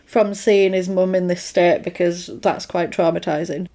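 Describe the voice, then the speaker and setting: A woman casually recapping an old film on a podcast. She narrates the plot in an easygoing way and slips into quick character voices when she quotes a line. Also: on the low side. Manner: animated retelling, acting out characters' lines. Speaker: podcast co-host.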